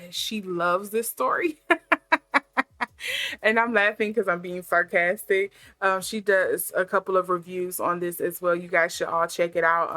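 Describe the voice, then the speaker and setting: A woman's voice: on the low side, fairly bright tone, no room sound. Chatty woman tarot reader, dry sound. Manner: chatty, laughing asides, sarcastic. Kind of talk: casual chat to camera.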